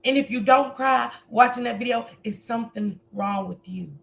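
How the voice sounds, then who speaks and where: At normal speed, a slightly high, gravelly female voice comes through with a little hiss or hum. The speaker is a livestream host with a grown son, giving casual commentary aimed squarely at her viewers in an emotional, preachy manner.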